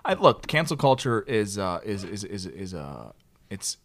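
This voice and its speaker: A young man co-hosting a casual podcast, telling stories in a lively but halting way with many restarts. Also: on the low side, creaky, crowd noise. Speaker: podcast co-host. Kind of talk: casual storytelling chat.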